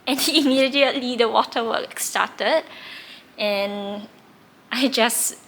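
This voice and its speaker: Woman, reflective storytelling, candid, crisp bright tone. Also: fairly high pitch, takes it slowly. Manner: candid, reflective, with occasional laughs. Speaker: tarot reader recounting her past. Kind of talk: personal storytelling vlog.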